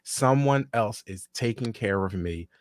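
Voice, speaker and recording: A man co-hosting a podcast in casual, joking chat, trailing off quietly at times. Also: on the low side, lively intonation, unhurried, no echo, clean studio sound. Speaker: podcast co-host.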